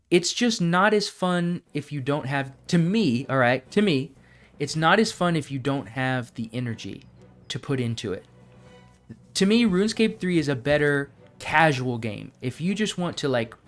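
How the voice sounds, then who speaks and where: A man streaming a game live, chatting casually and thinking aloud, often breaking into laughs. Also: medium pitch.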